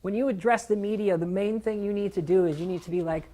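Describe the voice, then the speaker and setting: A middle-aged man talks through a live seminar in a loose, lively way. He slips into acted-out voices and drops the odd curse word to hammer a point home, like a trainer speaking to a room of fellow dog people. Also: sits high, quick pace, few pauses. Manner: casual and animated, acts out quoted voices, swears for emphasis.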